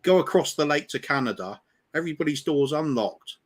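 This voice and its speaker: A man's voice: fairly high pitch, lively intonation, brisk. A man in a casual chat, telling a story in a meandering way with hesitant fillers.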